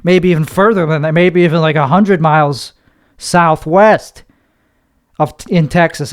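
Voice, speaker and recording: A nervous young man hosts a solo podcast, rambling and cursing as he talks. His voice sits high for a man and comes across smooth and clear. He keeps trying to calm himself down and slow his pace. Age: young adult. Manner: anxious, rambling, heavy cursing. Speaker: podcast host.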